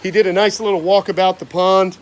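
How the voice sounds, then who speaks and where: A man's voice: high-pitched, little pitch movement, a little fast. A man hosting a casual live stream outdoors, chatty and enthusiastic, talking straight to his viewers. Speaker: reptile channel host. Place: outdoors by a pond.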